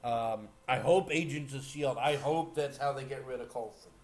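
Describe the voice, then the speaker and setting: A man giving a casual, rambling movie spoiler recap, excitable, with lots of fillers and restarts. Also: medium pitch, normal speed. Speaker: movie reviewer.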